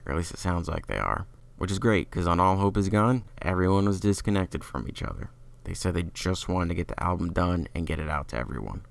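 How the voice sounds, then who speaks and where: A young man with a deep voice and a gravelly fry in it hosts a podcast. He reviews an album in an opinionated, rambling way and leans on "like" as a filler. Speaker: podcast host.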